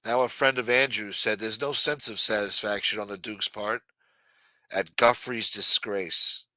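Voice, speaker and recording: A man's voice: fairly low pitch, fairly even intonation, measured pace, pushed and bright, no room sound, low-quality recording. A man hosting a late-night livestream who rants casually and reads news aloud in a profane, blunt and mocking manner. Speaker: livestream host. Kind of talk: casual ranting commentary.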